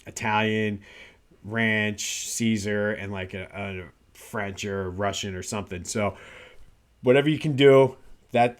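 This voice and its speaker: A man in his thirties hosting a casual solo sports podcast, chatty and rambling, with frequent fillers and restarts. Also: on the low side. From Philadelphia area. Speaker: podcast host. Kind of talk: casual solo talk show.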